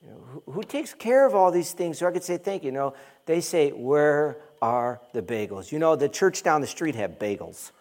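A man's voice: a little high, big pitch swings, fairly quick, few pauses, darkish tone. A man preaching a conversational sermon as pastor, joking and mimicking complaining churchgoers.

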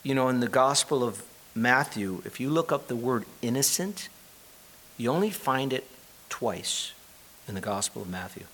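Man, preacher, sermon, mid-range pitch, conversational, reads scripture aloud, asks listeners questions. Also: animated, moderate pace, fairly bright tone. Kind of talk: sermon, Bible teaching.

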